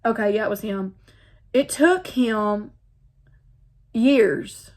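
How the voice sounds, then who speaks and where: A woman's voice: mid-range voice, takes it slowly, darkish tone. A woman telling her personal faith story to viewers, earnest and heartfelt, often repeating phrases and speaking to them directly. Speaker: faith vlogger. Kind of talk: personal testimony, casual.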